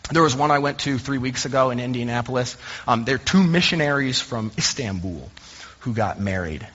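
A man preaching from the pulpit, slipping easily between light storytelling and earnest points. His voice carries a husky, slightly breathy edge, and the dull recording sits in a long, reverberant church hall. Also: mid-range voice, expressive, normal speed, fairly bright tone. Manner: conversational, self-deprecating storytelling. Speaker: pastor. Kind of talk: sermon with humorous anecdotes. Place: church sanctuary.

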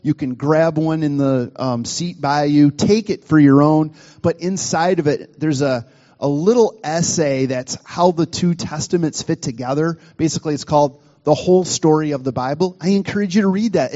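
A man's voice: a little high, a little mellow, long reverb tail, muffled recording. A man preaching in a casual, joking way. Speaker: pastor. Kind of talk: sermon.

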